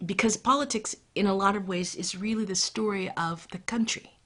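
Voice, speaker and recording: A woman storyteller telling a folktale and reflecting, often dropping into a hushed, intimate whisper. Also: medium pitch, moderate pace. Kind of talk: live storytelling.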